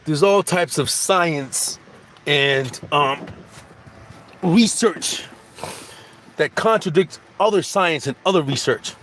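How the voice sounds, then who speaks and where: A man's voice: on the high side, takes it slowly, pauses often, a bit bright. Rambling, preachy man. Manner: rambling and preachy, repeats phrases, many fillers and restarts. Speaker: spiritual speaker. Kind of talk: casual spiritual monologue.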